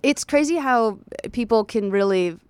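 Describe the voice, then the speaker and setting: Young woman, podcast co-host, higher smooth voice, blunt casual talk, dry sound. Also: expressive, measured pace, darkish tone, dry recording. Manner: blunt, swears freely, fillers. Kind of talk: casual chat.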